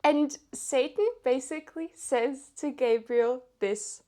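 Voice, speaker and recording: A woman with a slightly higher voice gives a casual book review on her vlog. She talks with eager, chatty enthusiasm and often repeats or rephrases herself mid-thought. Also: normal speed, hardly any pauses, darkish tone. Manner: enthusiastic, chatty, with frequent self-corrections. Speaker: book vlogger.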